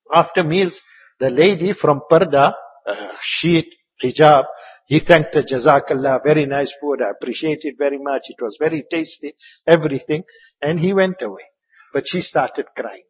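Husky man preaching in an echoey hall. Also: a little high, dull audio. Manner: rambling, repeats words, lapses into soft asides. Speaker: Islamic preacher. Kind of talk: religious talk with anecdotes.

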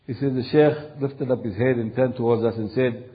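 A man's voice: mid-range voice, fairly even intonation, normal speed, muffled recording. A male preacher telling a long religious story in a sermon, solemn, repeating phrases for emphasis.

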